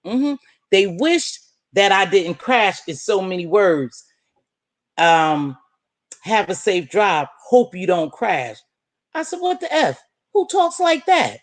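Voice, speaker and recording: A woman hosting a live stream, confronting a viewer in a preachy, sarcastic rant with drawn-out hums. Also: on the low side, a little mellow, no echo.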